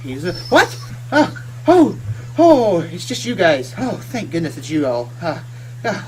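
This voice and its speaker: A man's voice: fairly high pitch, very animated, moderate pace, noisy background. A man voicing a flustered, cowardly male merchant who stammers and pleads.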